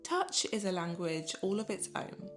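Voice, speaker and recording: Gentle woman narrating over soft music. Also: on the low side, big pitch swings. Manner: gentle, unhurried and soothing. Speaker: mother sharing motherhood reflections. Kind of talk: scripted reflective voice-over narration. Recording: voice-over with music playing underneath.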